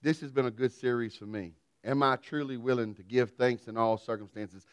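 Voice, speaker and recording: Pastor guy preaching, folksy and self-mocking, big swings loud to soft, smooth voice, dry sound. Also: mid-range voice, fairly even intonation, brisk, hardly any pauses, dry recording. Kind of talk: sermon with personal storytelling.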